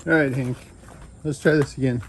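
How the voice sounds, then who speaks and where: A backyard animal keeper chatting casually to pet emus outdoors, often slipping into high baby talk. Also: steady tone, moderate pace, noisy background. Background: faint outdoor ambience and bird sounds.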